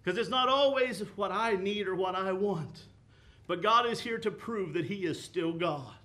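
A man's voice: high voice, moderate pace, bright, forceful tone. A man preaching a sermon with an impassioned, rising and falling cadence, quoting scripture.

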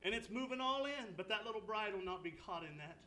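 A man preaching an impassioned sermon, swinging between loud exhortation and hushed storytelling. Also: lively intonation, a little fast, faint music behind, poor audio. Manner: impassioned, rising and falling, drops low for storytelling. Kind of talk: fervent sermon.

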